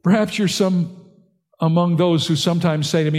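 Older male pastor, earnest sermon delivery, a touch high-pitched, recorded in a big echoing sanctuary. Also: moderate pace, darkish tone. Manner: earnest preaching, rising in pitch and force when stressing points.

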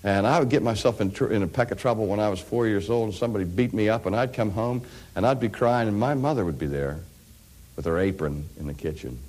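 A middle-aged male preacher with a somewhat low voice. He tells stories from the pulpit, dropping to near-whispers and then building to loud, ringing peaks. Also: fast. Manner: storytelling, dynamic swings from hushed to loud. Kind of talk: sermon.

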